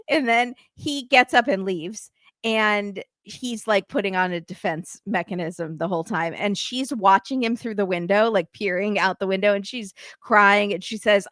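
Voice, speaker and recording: A woman's voice: mid-range voice, moderate pace, fairly bright tone, dry recording. Woman podcast host recapping tv, wry, does all the quotes, dry close mic sound. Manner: retells scenes acting out quotes, wry. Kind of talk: casual recap chat.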